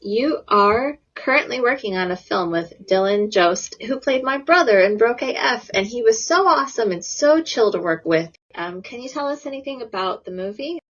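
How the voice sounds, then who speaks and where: A woman's voice: a little high, lively intonation, moderate pace, hardly any pauses, a bit bright. A woman hosting a podcast interview, upbeat and giggly in casual chat. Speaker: podcast host. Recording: lo-fi dull audio.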